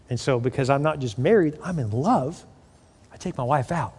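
A man preaching a sermon as pastor, animated and joking, acting out the voices he quotes. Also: mid-range voice, moderate pace, breathy edge. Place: church. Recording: long reverb of a church hall.

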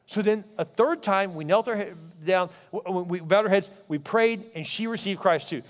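A man in his forties preaching a sermon, animated as he tells a personal story and emphatic as he repeats his exhortations. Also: sits high, normal speed, big-room sound. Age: 40s. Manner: animated storytelling, acting out others' lines.

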